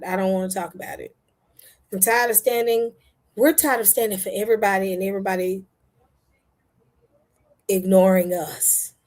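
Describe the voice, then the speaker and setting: A woman's voice: mid-range voice, a little mellow. A woman host from the United States, giving blunt, impassioned casual commentary to her viewers and repeating herself for emphasis. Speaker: online show host.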